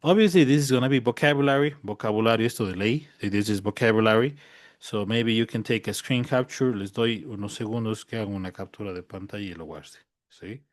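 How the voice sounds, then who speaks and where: Man teaching English slowly. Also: on the low side. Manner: slow drilled example sentences, repeats in Spanish. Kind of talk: online bilingual lesson.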